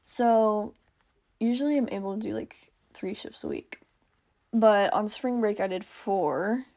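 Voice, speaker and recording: A teenage girl hosting her own podcast, chatting casually, with lots of "like" and quick self-corrections. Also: mid-range voice, dark tone. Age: teens. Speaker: podcast host. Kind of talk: casual chat.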